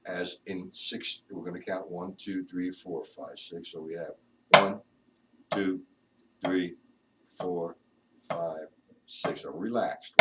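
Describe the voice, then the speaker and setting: A man's voice: sits low, fairly even intonation, slow pace, pauses often, far from the mic, very noisy. A man teaching a drum lesson, counting beats aloud and explaining rudiments in a plain, instructive way.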